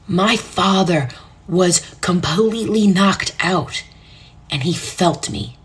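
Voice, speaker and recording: Middle-aged new woman telling a heavy personal story on a live stream, low voice, earnest, goes soft and whispery sometimes. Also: lively intonation, takes it slowly. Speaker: numerologist hosting a live stream. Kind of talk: emotional storytelling to live viewers.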